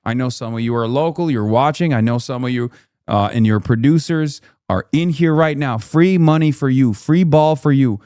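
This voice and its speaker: A man's voice: medium pitch, normal speed, warm tone, clean tone, no echo, clean studio sound. A man giving blunt, profane, exasperated commentary on a live-stream reaction show. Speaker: political commentator.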